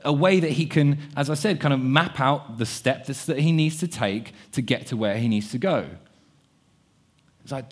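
A young man with a medium-pitched, slightly rough voice preaches at a moderate pace. Earnest and prone to repeating words while thinking aloud, he moves between subdued and animated delivery.

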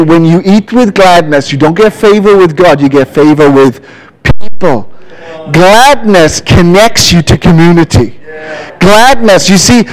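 A man preaching a lively sermon, telling stories and calling out to the congregation. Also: high-pitched, low-quality recording. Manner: lively, animated preaching with storytelling. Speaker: pastor.

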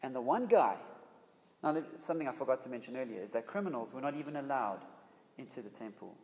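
A man's voice: medium pitch, animated, quick pace, a little mellow. Man preaching in a reverberant hall. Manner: emphatic, conversational, repeats and restarts phrases. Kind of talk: sermon.

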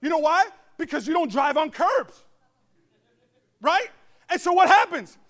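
A man pastor delivering a humorous storytelling sermon to his congregation, animated with joking asides and bursts of shouting. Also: very high voice, a little slow. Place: church service before a congregation.

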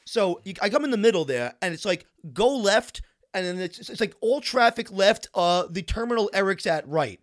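A man's voice: sits high, lively intonation, moderate pace, hardly any pauses. A man telling a wry, exasperated story in a casual chat.

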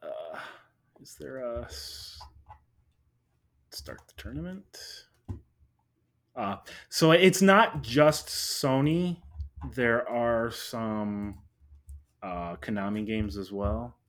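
A man hosting a casual chat, running a bracket of matchups and speaking haltingly with many fillers. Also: medium pitch, animated. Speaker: podcast host running a game bracket.

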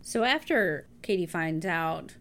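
A woman's voice: low-pitched, animated, takes it slowly, creaky, a bit bright. A woman co-hosting a podcast, chatting and laughing as she recaps a film. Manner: chatty, laughing, playfully scolding. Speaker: podcast co-host. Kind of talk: casual chat recapping a film.

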